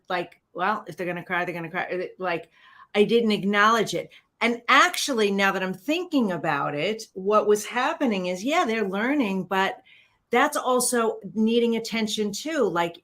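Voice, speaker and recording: A woman's voice: mid-range voice, a bit bright. A middle-aged woman hosting an interview, talking reflectively and with enthusiasm about her own parenting. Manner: enthusiastic, reflective, many fillers. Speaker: podcast host. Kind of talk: interview conversation.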